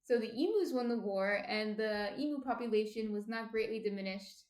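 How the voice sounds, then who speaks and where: A woman's voice: fairly high pitch, normal speed, a little mellow, roomy sound. A woman from New Jersey chatting casually on a baking livestream, reading out viewer comments in a rambling way full of fillers and restarts. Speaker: baking streamer. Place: home kitchen.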